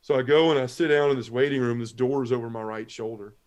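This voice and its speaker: A man's voice: medium pitch, fairly even intonation, quick pace, darkish tone. A middle-aged man giving an earnest personal testimony as a guest on a talk show, telling his story step by step and acting out the lines of others. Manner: earnest storytelling, Southern turns of phrase, acts out quoted lines. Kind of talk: personal testimony in a podcast interview.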